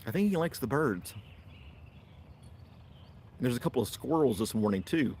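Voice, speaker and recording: Man, casual livestream host, rambling chat, laughs a lot, lively intonation, backyard. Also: mid-range voice, normal speed, a little hiss or hum. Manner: rambling, chatty, laughs often. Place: outdoors in a backyard.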